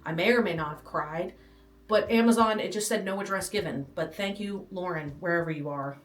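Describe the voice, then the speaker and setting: A pregnant young woman gives a brisk, rambling nursery tour for her vlog, teasing herself and getting a bit breathless at times. Her voice is fairly low. The room is small, and the distant, roomy recording carries air conditioner hum and faint music.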